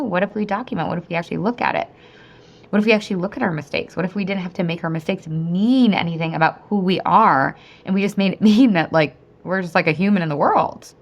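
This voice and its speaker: Female podcast host, thirties, lower-pitched voice, chatty motivational solo talk full of "like" and "okay". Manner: chatty and upbeat, lots of "like" and "okay", swings into high excited bursts. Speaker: podcast host and weight-loss coach.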